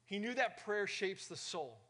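High-voiced energetic male pastor. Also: unhurried. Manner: energetic, asks the room questions. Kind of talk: sermon.

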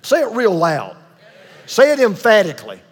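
High-voiced preacher in a reverberant hall. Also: male voice, wildly swooping pitch, moderate pace. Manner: emphatic preaching, repeats key lines, asks the congregation to respond. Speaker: pastor. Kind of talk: sermon.

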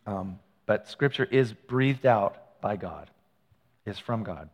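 Conversational pastor in a reverberant hall. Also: male voice, fairly low pitch, expressive, takes it slowly. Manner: conversational, storytelling with asides and self-corrections. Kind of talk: sermon. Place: church sanctuary.

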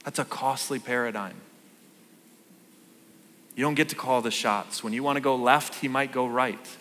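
A man's voice: mid-range voice, moderate pace. Conversational male pastor in a reverberant hall. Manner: conversational, animated, asks the room questions. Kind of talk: sermon. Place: church auditorium.

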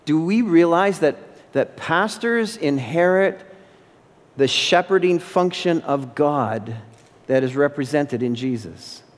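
A male pastor's slow, animated voice, pitched on the high side, fills a church sanctuary with long hall reverb. He preaches emphatically, repeating phrases to drive his points home.

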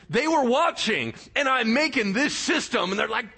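Brief: male pastor, high bright voice, animated delivery, jokes and checks in with the congregation. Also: unhurried, husky. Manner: lively, joking, engages the congregation with questions. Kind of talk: sermon.

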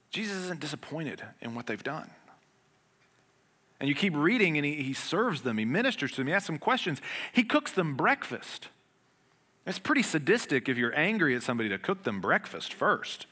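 A male pastor delivers a sermon in a bright, forceful voice that sits a little high. He is earnest and conversational with touches of humor. He swings from loud, emphatic passages to quiet, hushed ones. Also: big pitch swings, moderate pace, pauses often, breathy edge.

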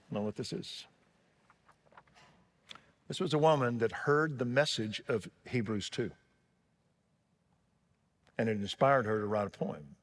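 A man from Waco, Texas, preaching a sermon as pastor, telling stories and swelling to loud emphasis on key words. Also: medium pitch, long reverb tail.

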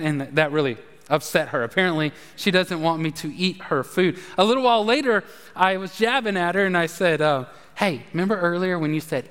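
A man's voice: high voice, expressive, a little fast, fairly bright tone. A middle-aged man preaching a sermon. He talks conversationally and jokes with the congregation. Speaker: pastor. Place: church sanctuary. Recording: reverberant church sanctuary.

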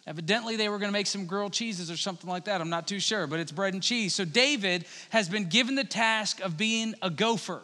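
Preacher, male, bright forceful delivery, conversational with jokes. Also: high voice, a little fast, few pauses. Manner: conversational, humorous Bible storytelling. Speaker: pastor. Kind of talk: sermon. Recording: long hall reverb.

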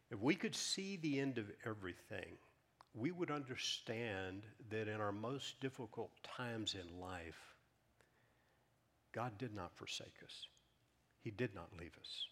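A man preaching a sermon as pastor, emphatic, rising loud then dropping to a hush. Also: fairly low pitch, lively intonation, measured pace. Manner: emphatic, swings from loud to hushed.

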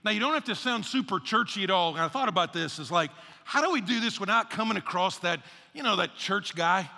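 A male pastor preaching a casual, energetic sermon, repeating phrases for emphasis. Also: sits high, brisk, vocal fry. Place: church sanctuary. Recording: long reverb of a large church hall.

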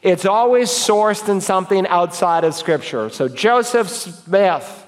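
A middle-aged man preaching an expository sermon, emphatic and building to forceful exhortation. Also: sits high, lively intonation, unhurried, big-room sound, soft background music.

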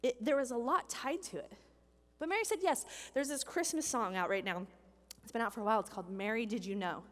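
A woman giving a sermon as a pastor, animated, acting out the people in the story she tells. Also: a little high, a little fast, in a large hall. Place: church hall with a congregation.

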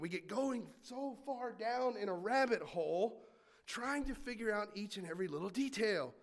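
A man preaching a sermon in an animated, conversational way, with jokes and asides to the congregation. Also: high-pitched, normal speed. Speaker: pastor.

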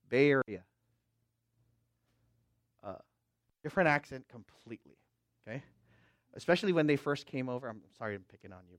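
Middle aged pastor guy, west coast, hushed then booming, keeps saying amen? okay?, dry mic. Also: dry recording. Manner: swings from hushed asides to loud, drawn-out proclamation; asks the crowd for response with "amen?" and "okay?". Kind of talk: sermon.

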